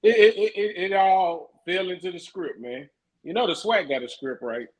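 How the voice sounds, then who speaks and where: A man's voice: high-pitched, normal speed, low-quality recording. A man co-hosting a casual sports chat, backing the host with frequent agreement and laughter. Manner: backchannels often, laughs along. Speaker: podcast co-host.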